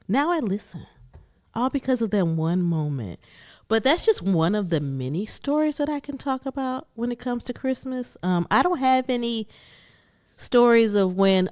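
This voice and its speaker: A woman hosting a podcast, telling family stories in a chatty, animated way and acting out quotes from her relatives. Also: mid-range voice, fairly quick. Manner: animated, laughing storyteller who acts out family quotes. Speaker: podcast host. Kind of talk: personal storytelling monologue.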